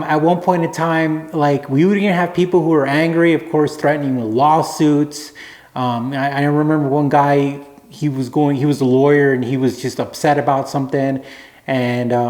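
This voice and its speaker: A man telling a rambling, relaxed anecdote to camera as a vlogger. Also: a little high, normal speed, echoey room. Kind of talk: casual storytelling to camera.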